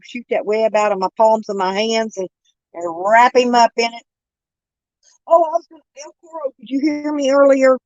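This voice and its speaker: A woman's voice: fairly high pitch, steady tone, moderate pace, darkish tone, dry recording, lo-fi sound. A woman, chatting casually with viewers on a live stream, laughing often and calling them by name. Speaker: host of a live chat stream. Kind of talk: casual chat. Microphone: phone.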